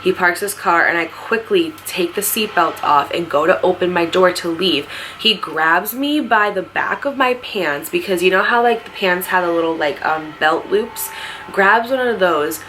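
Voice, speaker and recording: A woman's voice: lowish voice, moderate pace, fairly bright tone, slight background noise. A young woman telling a personal story in a casual, emphatic way, saying "like" constantly. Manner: emphatic, heavy use of "like". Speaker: storyteller vlogger.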